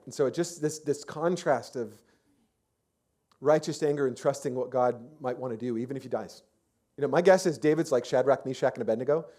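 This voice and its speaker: This pastor has a mid-range, dark-toned voice and a brisk delivery. His sermon comes across as a casual, chatty story, with lots of fillers and false starts.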